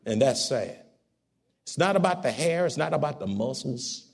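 A man preaching a sermon, swinging from loud exhortation to soft, low asides. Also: animated, normal speed, creaky, breathy edge.

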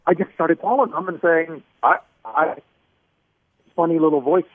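A man's voice: a little high, fast talker, no echo. Rambling man on a tinny phone line. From Kansas City, US. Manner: rambling, many restarts and filler phrases. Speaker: voice actor guest. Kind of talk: casual storytelling on a phone call.

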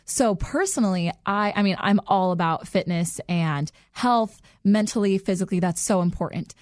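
A woman's voice: medium pitch, moderate pace, no room sound, clean studio sound. A young woman answering interview questions in an earnest, heartfelt way, laughing lightly between sentences. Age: young adult. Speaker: guest. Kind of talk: interview answers, personal story.

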